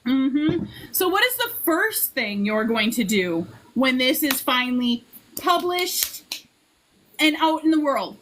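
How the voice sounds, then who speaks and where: A woman hosting a casual book club chat, with a high voice. She is chatty and encouraging. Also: expressive, takes it slowly, a bit bright, slight background noise, poor audio.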